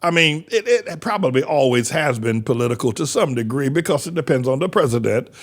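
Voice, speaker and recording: Gravelly, animated man preaching commentary. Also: mid-range voice, brisk. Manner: stammering, repetitive, laughing, loud outbursts. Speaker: church pastor and commentator. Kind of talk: animated sermon-style commentary.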